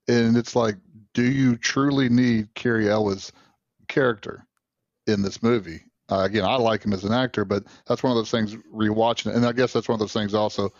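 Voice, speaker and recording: Southern man, podcast co-host, low voice, rambling and opinionated, dull dry recording. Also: no room sound. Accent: Southern American. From American Deep South. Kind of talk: casual chat.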